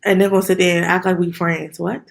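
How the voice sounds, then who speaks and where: A woman's voice: lowish voice, little pitch movement, quick pace, gravelly. A young woman co-hosting a podcast, telling stories in blunt, profane casual chat. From DMV area, US. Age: young adult. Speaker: podcast co-host.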